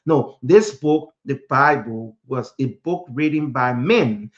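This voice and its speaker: A man's voice: fairly high pitch, highs cut off. A man from Liberia talking earnestly on a podcast, often repeating words while he searches for a phrase. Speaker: podcast host. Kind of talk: reflective podcast talk.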